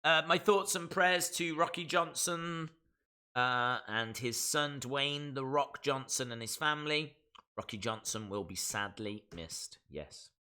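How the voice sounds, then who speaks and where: A man with a Black Country English accent hosts a wrestling live stream in loose, chatty talk. His voice sits in an ordinary middle pitch but has a bright, forward edge, and his opinions are full of fillers. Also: measured pace, clear, resonant tone. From West Midlands, England. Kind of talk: casual live-stream chat, reading viewer comments.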